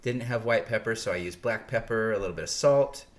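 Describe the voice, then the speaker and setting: A man's voice: fairly low pitch, a little fast. A man co-hosting a podcast, chatting casually and explaining things in detail. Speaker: podcast co-host. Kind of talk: casual chat. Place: North Carolina.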